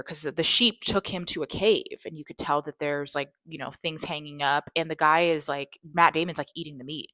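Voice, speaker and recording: A woman casually recapping a movie she loved, rambling with lots of "like" and restarts, her voice jumping up when she gets excited. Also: sits low, no room sound. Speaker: movie reviewer.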